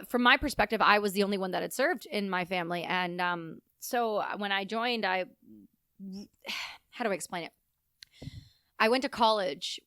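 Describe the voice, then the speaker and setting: Canadian woman guest in her thirties, playful and quick to laugh; dry close mic. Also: medium pitch, a bit bright, clear, resonant tone, no echo. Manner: joking, laughs often. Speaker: podcast guest, army veteran. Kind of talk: casual interview chat.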